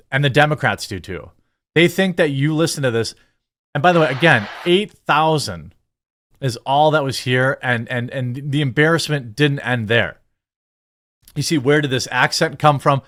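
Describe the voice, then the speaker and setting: A middle-aged man rants through political commentary, indignant and sarcastic. His pitch swings widely as he hammers his points home. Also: a bit bright. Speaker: commentary channel host.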